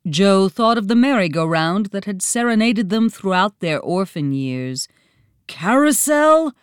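A woman reading a storybook aloud in a slow, dramatic, expressive manner. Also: medium pitch, smooth, no echo, clean studio sound. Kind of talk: scripted storybook narration.

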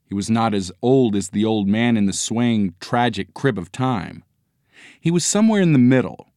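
A man narrating a children's story in a measured, expressive audiobook reading. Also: fairly low pitch, dry recording, studio quality.

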